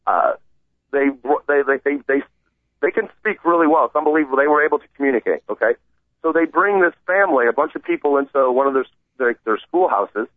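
Sports radio co-host, male, fast and animated, tinny phone-like sound. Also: medium pitch, no room sound. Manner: animated storyteller, acts out quoted people. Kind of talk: casual sports radio banter.

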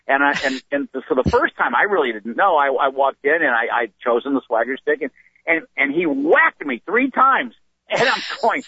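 Male comedian, lively storyteller, plays the people in his stories, slightly raised pitch, muffled dry lo-fi sound. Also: moderate pace, slightly rough, no room sound. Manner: animated storyteller who acts out voices. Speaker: comedian guest. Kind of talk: casual storytelling chat.

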